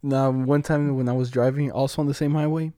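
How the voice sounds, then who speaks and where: A man's voice: mid-range voice, fairly even intonation, a little fast, warm tone, dry recording, studio quality. A young man co-hosting a casual chat, telling stories in a laid-back, slangy way with frequent laughter. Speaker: podcast co-host.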